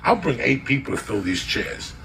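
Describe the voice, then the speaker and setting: A man telling a loud, profane story, acting out the people in it. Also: mid-range voice, normal speed, recorded from a distance, a little hiss or hum, low-quality recording. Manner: loud, profane, animated, acts out voices in the tale. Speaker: storyteller guest.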